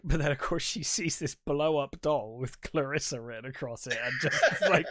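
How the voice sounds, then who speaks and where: A man with a bright, clear-edged voice sitting a little higher than most men's, walking through a film's plot in relaxed podcast chat. He jumps into short acted-out lines of dialogue and swears now and then. The sound is dry and close, with no room behind him. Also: no echo. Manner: retells scenes with quick acted-out quotes, swears casually. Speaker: podcast co-host. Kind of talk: casual film recap chat.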